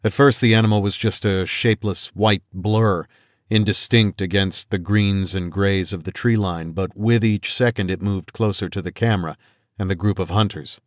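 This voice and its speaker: A man with a very low voice narrates an audiobook in the first person, measured and steady. The recording is dry and close, with no room sound around him. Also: dry recording. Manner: measured storytelling, voices quoted characters.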